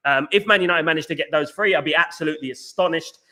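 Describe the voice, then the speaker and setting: A young man hosting a live chat show, talking fast with lots of fillers and repeats, reading out viewer comments. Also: on the high side. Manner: rapid, animated, repeats himself, lots of fillers. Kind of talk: casual live-stream chat.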